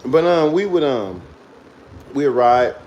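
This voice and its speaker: A man's voice: mid-range voice, expressive, slow pace, darkish tone, dull audio, a little hiss or hum. Laid-back man telling a story, laughing. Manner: loose, profane, laughs through his story. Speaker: vlogger telling a childhood story. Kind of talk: casual storytelling monologue.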